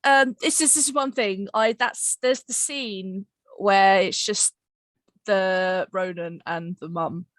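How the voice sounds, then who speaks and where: A woman's voice: medium pitch, fairly even intonation, slow, a bit bright, no room sound. A woman hosting a casual podcast chat about her audio drama, bubbly and rambling, laughing often between fillers. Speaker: podcast host and writer-director.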